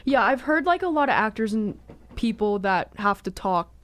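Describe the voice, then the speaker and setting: A woman's voice: mid-range voice, expressive, moderate pace, fairly bright tone. A young woman co-hosting a college radio show in casual banter, chatty, laughing easily and using lots of fillers. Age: young adult.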